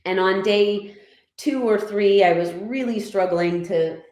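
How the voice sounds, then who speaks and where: A woman from Canada, a podcast guest, telling stories in a lively, animated way and laughing often. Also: medium pitch, unhurried. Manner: animated storyteller, laughs often, voices others in her anecdotes. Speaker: guest, former motorcycle racer and writer. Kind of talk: casual podcast storytelling. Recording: roomy, echoey room.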